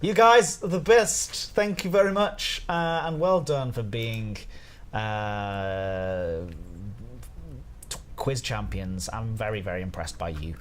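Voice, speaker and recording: A man hosting a live stream in casual chat, animated and self-deprecating, with loud bursts of exclamation. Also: lowish voice, takes it slowly, slight background noise. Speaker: stream host.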